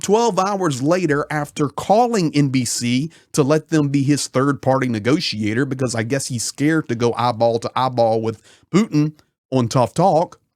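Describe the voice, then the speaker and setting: A man's voice: mid-range voice, darkish tone, no room sound, studio quality. A man hosting a political commentary channel, talking indignantly and emphatically, repeating words for effect.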